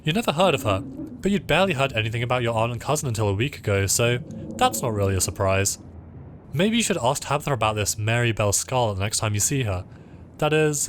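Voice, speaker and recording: A man playing through a story game, reading its narration aloud and dropping into loose, joking asides between passages. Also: mid-range voice. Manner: reads narration in an even voice, then drops into loose, joking asides. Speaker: let's-play host. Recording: noticeable background noise.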